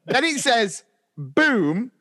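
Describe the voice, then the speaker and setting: A man's voice: extremely high pitch, bright, forceful tone. A man co-hosting a casual teachers' podcast, telling stories and laughing often. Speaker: podcast co-host, primary school teacher. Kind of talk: casual chat.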